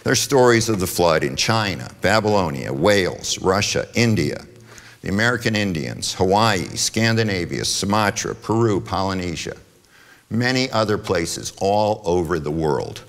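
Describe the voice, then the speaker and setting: A man's voice: deep voice, lively intonation, moderate pace, fairly bright tone. A man giving an adult education talk at a church, speaking conversationally with many fillers and self-corrections and sometimes reading quotations aloud. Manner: reads quotations aloud from notes. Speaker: adult forum presenter. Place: church meeting room. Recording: long reverb of a hall.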